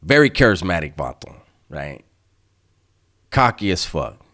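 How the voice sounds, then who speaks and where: Deep-voiced streetwise man telling stories. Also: sing-song, unhurried, sharp tone. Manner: streetwise slang, profane, laid-back. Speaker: channel host telling prison stories. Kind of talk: casual storytelling to viewers.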